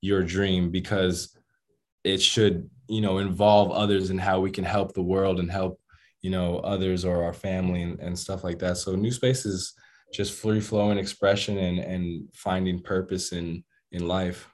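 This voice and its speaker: A young American man, a musician, telling stories in a casual interview with laid-back slang and animated retelling. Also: low voice, measured pace. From United States. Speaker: musician and rapper.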